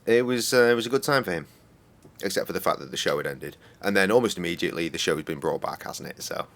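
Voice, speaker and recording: A man's voice: low voice, lively intonation, fast talker, creaky, a bit bright. A man in his thirties streaming a game, rambling and joking with lots of swearing. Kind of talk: casual game stream commentary.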